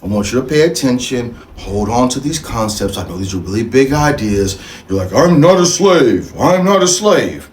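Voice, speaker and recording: A man with a high voice holds forth in a fiery, profane, preaching monologue. His pitch leaps and dips as he hammers his points home through repetition, and the recording has a roomy echo. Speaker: show host. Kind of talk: impassioned monologue.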